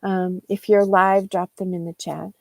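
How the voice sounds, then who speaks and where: New england woman rambling thru a live english lesson, gravelly low-key voice, dry close sound. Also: flat delivery, a little slow, no echo. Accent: New England American. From United States. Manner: chatty, rambling, many fillers and restarts. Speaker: English teacher.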